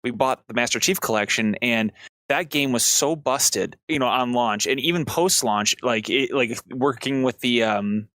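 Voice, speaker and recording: A man's voice: medium pitch, normal speed, a bit bright, no room sound. Rambling young man on a podcast. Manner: rambling, filler-heavy. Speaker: podcast co-host. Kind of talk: casual chat.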